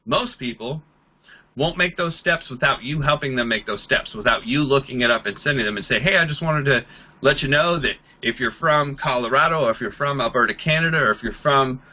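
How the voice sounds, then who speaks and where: A man giving a network marketing training talk, an animated storyteller who acts out the people he quotes. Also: mid-range voice, a little fast, dull audio.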